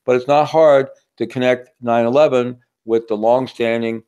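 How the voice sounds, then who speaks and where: A man's voice: mid-range voice, steady tone, normal speed, dark tone, clear, resonant tone, dull audio. A man giving a teaching talk in a conversational way, often checking in with the audience. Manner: conversational, asks the audience with a frequent "right?". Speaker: workshop speaker.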